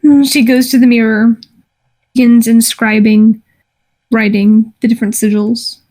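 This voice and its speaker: A woman narrating a tabletop game as game master, in a descriptive, halting way with frequent restarts. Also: a little high, flat delivery, mellow.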